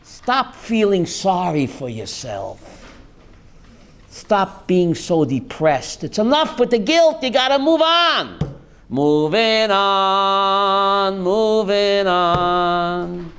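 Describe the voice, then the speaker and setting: A man, a rabbi, giving a lively Torah class, calling on listeners by name and slipping in Yiddish and Hebrew words. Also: sits high, takes it slowly. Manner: lively, addresses listeners by name, jokey asides; mixes Yiddish and Hebrew terms. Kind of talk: animated Torah class to a live group.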